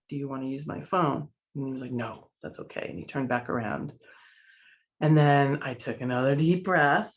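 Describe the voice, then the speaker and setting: A woman recounts a personal story as a podcast guest, earnest and visibly moved. She brings the dialogue to life as she tells it. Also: a bass voice. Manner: earnest, emotional, lively retelling with quoted dialogue.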